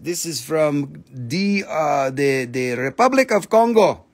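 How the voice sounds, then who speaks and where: A man's voice: medium pitch, animated, slow pace. A man hosting a live online sale, chatting casually in a playful, goofy, joking way. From Appalachian region of the United States. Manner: playful, goofy, jokey wordplay. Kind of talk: casual live auction chat.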